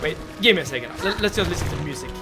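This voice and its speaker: A man's voice: a little high, lively intonation, racing. A young man with a Swedish accent chatting with his live-stream viewers while playing a game. He stammers and repeats words a lot and laughs often. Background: soft game music.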